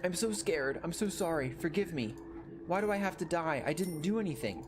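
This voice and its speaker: A man voicing a terrified, wealthy child in a game, first defiant, then pleading for their life in a high voice. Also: normal speed, background noise, close to an everyday voice. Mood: begging. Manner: high, pleading, rising into panic.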